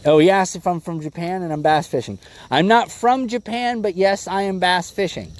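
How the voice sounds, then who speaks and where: A man's voice: high-pitched, normal speed. A man hosting a casual fishing livestream from a boat, laid-back and calling viewers "bro" and "bud.". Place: outdoors on a boat on a lake.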